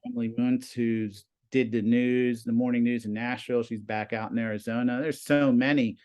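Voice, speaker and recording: A man in his fifties, a high school TV production teacher, telling stories casually as a guest and acting out the conversations he quotes. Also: normal speed. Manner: animated, acts out quoted conversations. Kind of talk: casual storytelling.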